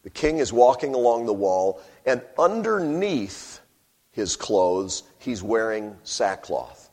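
Preacher guy, husky, lively voice that jumps all over, wry jokes. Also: on the low side, slow. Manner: animated, wry storytelling with sudden emphatic bursts. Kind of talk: sermon.

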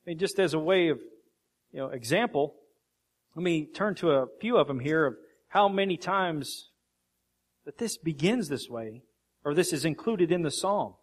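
A man's voice: a little high, expressive. Earnest male pastor preaching. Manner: earnest preaching, reads scripture aloud with slow emphasis. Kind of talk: sermon.

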